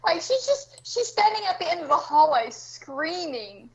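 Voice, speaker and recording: A woman's voice: very high voice, very animated, moderate pace, dull audio. A woman in her twenties joining a stream over a call, giggly and full of bawdy jokes. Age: 20s. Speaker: stream co-host. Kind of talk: casual stream chat.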